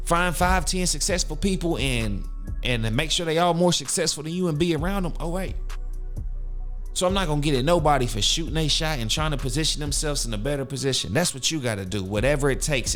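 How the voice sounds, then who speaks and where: A young man from West Virginia hosting a solo motivational podcast, talking emphatically with rhetorical questions. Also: fairly high pitch. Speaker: podcast host.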